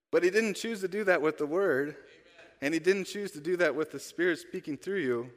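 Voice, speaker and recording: In a church sanctuary with long hall reverb, a male pastor gives a conversational sermon, posing rhetorical questions to the congregation. His voice is fairly high and fairly quick.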